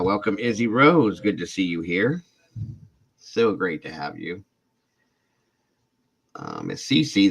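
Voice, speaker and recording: Low-voiced man, congested, chatting with viewers. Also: a bit bright, a little hiss or hum, rough recording. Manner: friendly, greets chat viewers by name. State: congested and coughing from illness. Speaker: true crime YouTube livestream host. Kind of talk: casual livestream chat greeting viewers.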